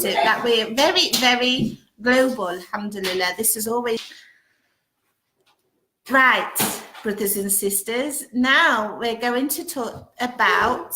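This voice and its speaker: A woman's voice: a little high, bright, forceful tone, slight background noise. A woman hosting a casual live-stream chat from home, greeting viewers one by one and reading out their comments. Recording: roomy echo.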